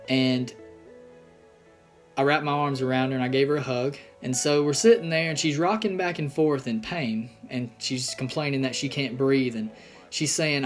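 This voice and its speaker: A young man in a personal vlog, telling a painful family story in an earnest, halting way with many pauses. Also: medium pitch, faint music behind. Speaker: vlogger.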